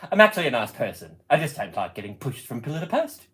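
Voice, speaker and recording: A man's voice: medium pitch, very animated, fast talker, fairly bright tone, echoey room, slight background noise. A man hosting his own live stream, chatting casually with viewers in a playful, giggly way and breaking into bits of song.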